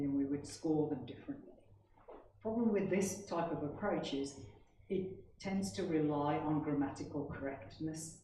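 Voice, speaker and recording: A man's voice: a little high, warm tone. Guy explaining tech stuff at a conference, distant mic, noisy background. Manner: explanatory, checks in with the audience. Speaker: conference speaker. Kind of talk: technical presentation. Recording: echoey hall, distant mic, background noise.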